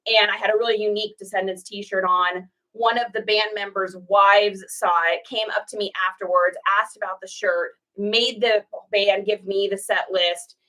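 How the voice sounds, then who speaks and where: A woman's voice: mid-range voice, steady tone, moderate pace, hardly any pauses, sharp tone, recorded from a distance, poor audio. A woman in her forties from Washington State, chatting casually in a rambling way while packing orders, and breaking off now and then to talk to her pet. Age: 40s. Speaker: online reseller host.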